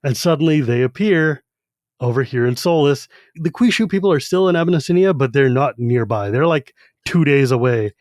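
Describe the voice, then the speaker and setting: A podcast co-host, animatedly retelling a novel and acting out its voices. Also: male voice, medium pitch, animated, normal speed, darkish tone, no echo, clean studio sound. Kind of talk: casual chat.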